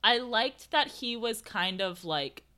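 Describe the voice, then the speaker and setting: A woman's voice: fairly high pitch, animated, slow, bright, forceful tone. A young woman co-hosting a podcast in casual chat, giggly and playfully acting out quotes. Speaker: podcast co-host.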